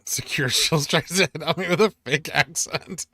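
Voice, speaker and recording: A middle-aged man with a slightly high, bright and forceful voice hosts a finance stream at normal speed, chatting casually with viewers as he reads their comments. He jokes at his own expense in a self-deprecating way. The studio sound is clean, with no echo.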